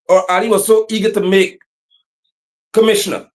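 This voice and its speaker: A man giving impassioned livestream commentary as an activist, preaching and repeating slogans, sometimes shouting. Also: high voice, little pitch movement, normal speed.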